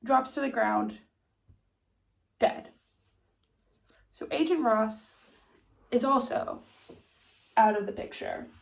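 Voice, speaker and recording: A woman's voice: on the high side, slow pace, creaky, long pauses. A woman with a stuffy nose casually recapping a TV series, chatty and full of "like" and "um". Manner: chatty, lots of "like" and "um" fillers. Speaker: TV recap vlogger.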